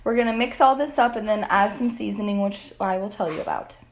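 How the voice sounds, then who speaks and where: A woman's voice: medium pitch, fairly quick, noisy background. A woman hosting a casual home cooking vlog in her kitchen, chatty and rambling, with self-deprecating asides. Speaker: cooking vlogger.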